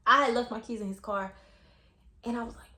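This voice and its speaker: A young woman telling an animated, profane storytime, acting out quotes. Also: a little high, moderate pace, echoey room. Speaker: vlogger. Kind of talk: storytime vlog.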